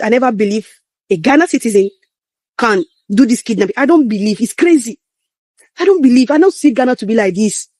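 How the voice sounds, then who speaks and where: A man giving animated commentary, mixing in Pidgin as he rants. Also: high-pitched, dry recording. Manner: emphatic, animated, Pidgin-mixed ranting. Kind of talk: commentary video.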